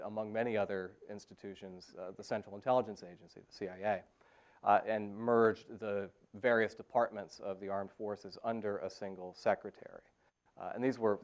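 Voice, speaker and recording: Male history professor, lower voice, lecture delivery with frequent "uh" pauses. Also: a little mellow. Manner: frequent "uh" fillers and restarts. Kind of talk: academic lecture. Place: university lecture hall.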